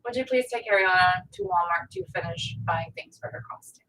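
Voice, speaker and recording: A woman at home talks fast with a bright, sharp voice. She makes polite household requests of her husband. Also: mid-range voice, big pitch swings, vocal fry, slight background noise, poor audio. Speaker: host's wife.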